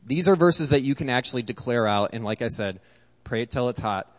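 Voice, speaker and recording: A man's voice: medium pitch, lively intonation, fairly quick. A man preaching an earnest sermon as a pastor, reading scripture aloud. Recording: long hall reverb.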